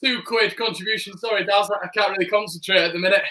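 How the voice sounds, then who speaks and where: A man's voice: high voice, steady tone, fast, over a noisy crowd. A man co-hosting a football watchalong, anxiously urging the team on. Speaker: watchalong co-host. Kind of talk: excited football watchalong chat. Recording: echoey room with faint noise.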